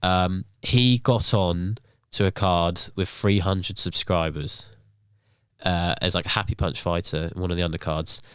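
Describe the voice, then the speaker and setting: A young man talking casually as a podcast guest, rambling through stories and filling the gaps with "um" and "like". His voice sits low and comes out smooth and clear. The sound is dry and close. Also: steady tone, unhurried, dry recording. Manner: rambling, filler-heavy storytelling.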